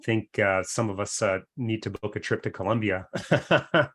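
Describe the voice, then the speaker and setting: Laid-back guy hosting a coaching call, kinda halting, chatty. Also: on the low side, flat delivery, a bit bright. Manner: easygoing, halting, laughs often. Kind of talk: casual chat on a video call.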